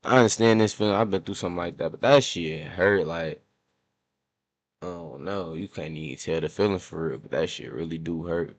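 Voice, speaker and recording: A man's voice: low voice, a little fast. A man giving laid-back, slangy reaction commentary and talking to his chat. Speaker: reaction streamer.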